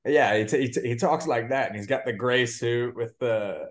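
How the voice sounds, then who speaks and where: A man's voice: mid-range voice, normal speed. Man, podcast guest, casual chat, eager, stumbles and repeats words.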